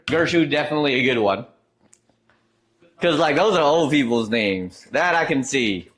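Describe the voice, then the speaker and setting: A man's voice: mid-range voice, expressive, moderate pace, a bit bright. A man streaming live, chatting casually and reading out chat messages, trailing off and restarting as he goes.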